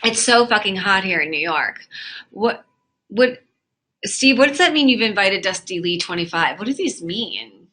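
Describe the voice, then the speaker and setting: A woman's voice: medium pitch, animated, normal speed, sharp tone. A woman hosting a live webcam chat room, reading out viewer comments in a chatty, flirty, easily flustered way. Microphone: phone or webcam mic.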